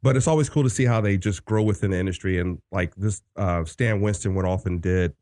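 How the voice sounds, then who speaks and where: A man's voice: deep voice, brisk, warm tone, no room sound, studio quality. A man from the American South co-hosting a podcast in casual chat, musing aloud with many fillers. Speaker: podcast co-host.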